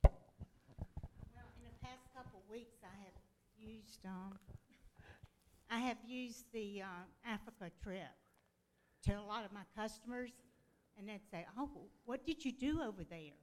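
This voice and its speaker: Mellow-voiced woman sharing hesitantly. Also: medium pitch, a little hiss or hum, low-quality recording. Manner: hesitant, halting with fillers. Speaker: church member sharing a testimony. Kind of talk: casual spoken testimony. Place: church gathering.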